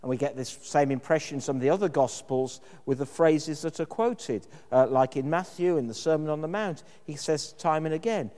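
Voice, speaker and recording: A man gives a sermon in a warm, mellow voice, talking in a thoughtful, conversational way with the odd "um". His words ring out with a long reverb from the church around him. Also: a little high, expressive, normal speed, few pauses. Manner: thoughtful, conversational preaching with fillers. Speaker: preacher.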